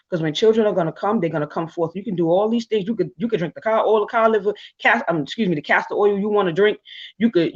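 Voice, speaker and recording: A woman tells personal stories in a lively, animated way, often restarting and filling pauses. Her voice comes through somewhat dull, lo-fi audio. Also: mid-range voice. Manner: animated, laughing, frequent restarts and fillers. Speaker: guest speaker. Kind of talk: casual storytelling on a live talk show.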